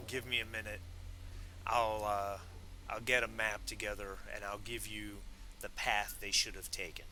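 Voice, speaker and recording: A man voicing a weary, calm male community leader who speaks slowly and firmly. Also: fairly low pitch, a little hiss or hum, heavily acted, rough recording. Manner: slow measured speech.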